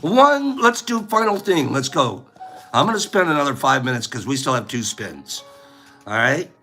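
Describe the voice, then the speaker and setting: A man's voice: medium pitch, big pitch swings, moderate pace, bright, forceful tone, soft background music. A man hosting a casual livestream chat, playful and rambling, often breaking into laughter. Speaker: host.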